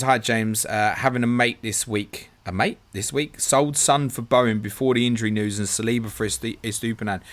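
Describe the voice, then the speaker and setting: A man hosting a live stream, chatting casually as he reads out viewer questions and answers them. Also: medium pitch. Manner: chatty, reads viewer messages aloud, calls people "mate".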